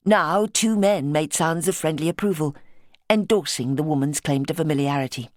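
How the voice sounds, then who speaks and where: Low-voiced woman audiobook narrator. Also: moderate pace, a little mellow, no room sound, studio quality. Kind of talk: scripted narration.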